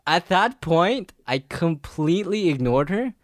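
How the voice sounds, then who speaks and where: A man's voice: fairly high pitch, sing-song, unhurried, no echo, studio quality. Young man telling a rambling story. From Philippines. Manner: rambling, filler-heavy, laughs through his story. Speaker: podcast co-host. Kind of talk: casual storytelling chat.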